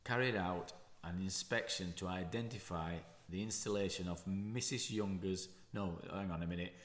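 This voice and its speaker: A man who is a damp and mould specialist, reading out a news story and commenting on it in unhurried asides with frequent self-corrections. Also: sits low, fairly even intonation. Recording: roomy echo.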